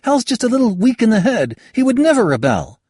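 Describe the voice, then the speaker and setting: A man putting on a sharp young woman soldier with a high, lively voice that keeps rising as she presses her argument. She sounds earnest and anxious, recorded dry and close. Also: fairly quick, slightly rough, dry recording, heavily acted. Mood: defensive.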